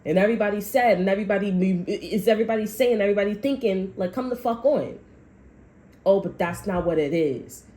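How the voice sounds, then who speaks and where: A woman's voice: medium pitch, brisk, mellow, a little hiss or hum, poor audio. A woman tarot reader delivering a blunt, heavily profane, heated rant about what spirit is telling her. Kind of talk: channeled reading rant.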